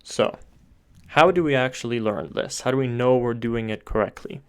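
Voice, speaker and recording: A man's voice: mid-range voice, moderate pace, clear, resonant tone. A man giving an online voice lesson, explaining patiently step by step with occasional filler words. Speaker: voice teacher.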